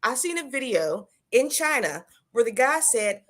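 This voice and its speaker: Lively, playful middle-aged woman. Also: a little high, moderate pace. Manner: animated, playful storyteller. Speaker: guest. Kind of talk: casual live-stream chat.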